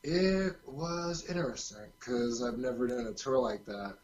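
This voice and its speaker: Easygoing Californian guitarist, muffled sound. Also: male voice, medium pitch, measured pace, darkish tone. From California, USA. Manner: easygoing, chatty, lots of "like". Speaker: guitarist guest. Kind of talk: casual chat.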